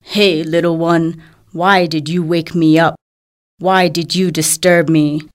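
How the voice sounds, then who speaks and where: A big, bossy storybook lion, as a woman puts him on, with a voice pushed lower and gruffer than the narration. He speaks slowly and heavily, each phrase drawn out. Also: little pitch movement. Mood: annoyed. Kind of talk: storybook character voice.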